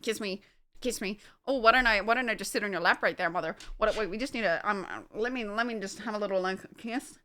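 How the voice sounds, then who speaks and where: A woman's voice: medium pitch, quick pace, sharp tone, lightly acted. A woman voicing her jealous female pet dog, pleading syrupily for affection.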